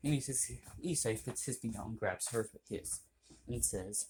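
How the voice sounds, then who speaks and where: A man's voice: mid-range voice, normal speed, background noise. A man casually narrating an improvised story, rambling, swearing and correcting himself.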